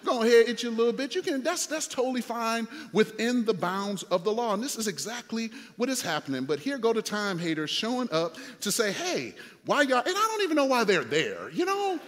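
A man preaching a sermon as pastor, animated, with playful asides and rising to shouts. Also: very high-pitched, brisk, few pauses, long reverb tail.

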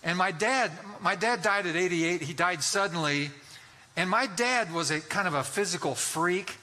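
A man's voice: sits high, normal speed, sharp tone. A man in his sixties preaching a sermon, telling folksy stories and urging his listeners on with emphatic exhortations. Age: 60s. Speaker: pastor.

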